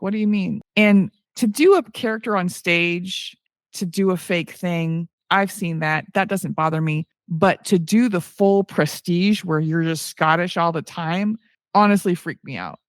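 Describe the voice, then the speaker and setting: A woman's voice: lowish voice, normal speed, no echo, studio quality. A woman co-hosting a podcast in casual chat, telling stories and acting out what people said. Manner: storytelling, acts out quoted people. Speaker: podcast co-host.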